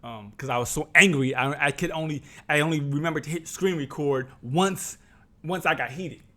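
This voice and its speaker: A man's voice: fairly high pitch, moderate pace, pushed and bright. A middle-aged man from New Jersey telling a personal story to his viewers like a sermon, calling them brothers and sisters, repeating himself and acting out what people said. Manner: repeats and restarts, acts out quoted voices. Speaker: vlogger.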